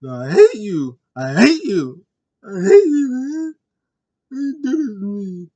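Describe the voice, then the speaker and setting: A man doing an anguished wrestler, high and strained. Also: expressive, a little fast, highs cut off. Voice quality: high strained shouting, near tears. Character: emotional young wrestler, pleading and hurt.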